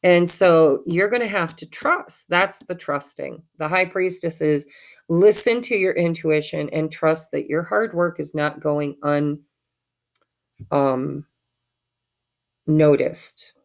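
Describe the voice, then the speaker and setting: Tarot reader, female, low and gravelly, casual encouraging delivery. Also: takes it slowly. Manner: chatty, encouraging, spiritual. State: has the hiccups.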